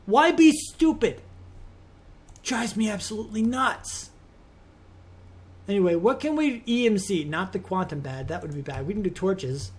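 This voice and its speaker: A man with a high, light voice talks casually over his gameplay. He rambles from one aside to the next and gets exasperated easily when things go wrong. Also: normal speed. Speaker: let's play host.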